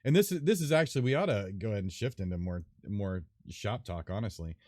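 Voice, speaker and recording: A man's voice: fairly low pitch, lively intonation, fast, darkish tone, no echo, studio quality. A man hosting a gaming podcast, easygoing and agreeable in casual chat. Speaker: podcast host.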